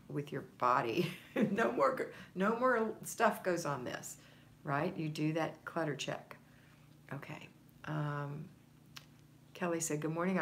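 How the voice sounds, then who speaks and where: Woman, low pitch, livestream home-organizing coach, chatty and encouraging, faint room ambience. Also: a little hiss or hum. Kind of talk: livestream chat reading viewer comments.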